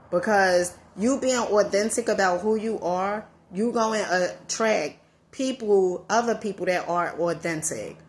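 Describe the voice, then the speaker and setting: A woman's voice: mid-range voice, a little hiss or hum. Southern woman preaching be-yourself advice, emphatic, repeats herself, calls you honey. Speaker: motivational vlogger. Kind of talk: motivational talk to camera.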